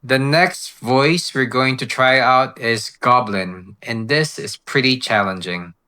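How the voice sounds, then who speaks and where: A man with a bright, forward voice narrates a software walkthrough, explaining each step in an unhurried way. He sounds relaxed and practical, like a tutorial host. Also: mid-range voice. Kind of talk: screen-recorded software walkthrough.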